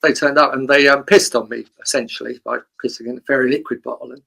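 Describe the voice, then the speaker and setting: A man's voice: medium pitch, fairly even intonation, fast talker, gravelly, pushed and bright, breathy edge. A man hosting a podcast, asking rambling questions and telling his own anecdotes in casual chat. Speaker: podcast host.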